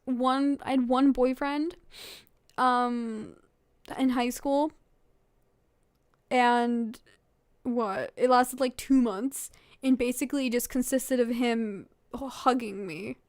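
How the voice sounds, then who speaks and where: Casting: tired young woman vlogger, high unhurried voice, giggly rambling chat, dry close sound. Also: fairly even intonation, dry recording. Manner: giggly, rambling, full of fillers. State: sleepy. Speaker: vlogger reading fan fiction. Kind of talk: casual late-night reading aloud.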